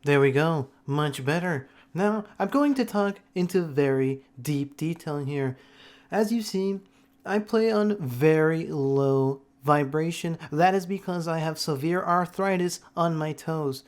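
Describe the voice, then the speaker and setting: A man's voice: fairly high pitch, measured pace. A man narrating a game tutorial over gameplay, talking like a mock-serious schoolteacher and swearing freely. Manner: mock-serious teacher bit, swears often. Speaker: gaming tutorial creator.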